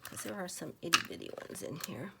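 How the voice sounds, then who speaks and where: A woman softly murmuring to herself as she arranges stamps and paper pieces in a journal, often slipping into a whisper. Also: on the low side, animated, fast talker, vocal fry, very noisy. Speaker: journal crafter. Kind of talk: soft-spoken crafting chat.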